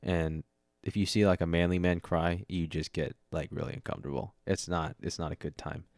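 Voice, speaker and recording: A yawning man hosting a solo podcast, talking in a loose, rambling way with a deep voice. He keeps laughing at his own jokes and catching himself mid-thought. The sound is dry and close, recorded at home on a desk mic. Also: fairly even intonation, a little fast, creaky, darkish tone, dry recording. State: sleepy, yawning. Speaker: podcast host. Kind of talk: casual solo podcast talk. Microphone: studio mic with audio interface.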